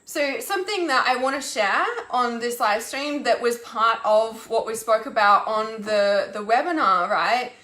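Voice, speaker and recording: A woman's voice: on the high side, a little slow, hardly any pauses, bright, forceful tone, roomy sound. A woman, an intuitive healer, ranting on a live stream, exasperated and swearing, with lots of restarts and "like". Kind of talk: angry live-stream rant.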